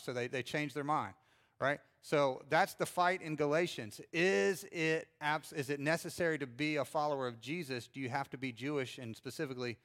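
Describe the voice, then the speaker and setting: A man's voice: on the high side, normal speed, a bit bright. Man preaching a casual sermon. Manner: conversational, with frequent fillers and restarts. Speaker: pastor.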